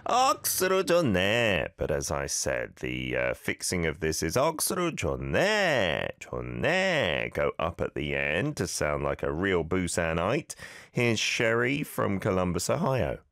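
Deep, animated male radio host. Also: measured pace, no room sound, studio quality. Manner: friendly, chatty, laughs at listener clips. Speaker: radio host teaching Korean phrases. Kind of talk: casual radio teaching.

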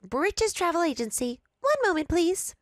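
A woman voicing an unflappable, cheerful female airport clerk with a squeaky, chirpy, overly polite voice. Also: very animated, normal speed, dry recording, studio quality. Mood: bubbly.

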